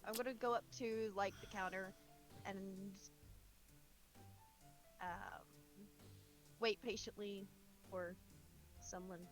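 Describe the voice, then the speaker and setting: A woman's voice: medium pitch, fairly even intonation, slow, long pauses, soft background music. A woman playing a tabletop game, hesitantly declaring her character's actions. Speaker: player.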